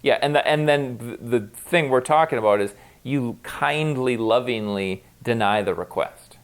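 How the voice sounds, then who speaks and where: A man's voice: medium pitch, unhurried, clean tone. A man co-hosting a podcast, talking frankly and with some swearing in casual chat, often acting out quoted lines. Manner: frank and profane, acts out quoted dialogue. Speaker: podcast co-host.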